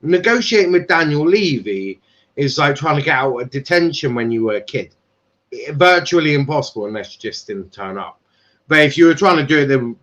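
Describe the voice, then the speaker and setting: A man's voice: medium pitch, fairly bright tone, highs cut off. A man hosting a casual football transfer live stream, laughing often and swearing sarcastically.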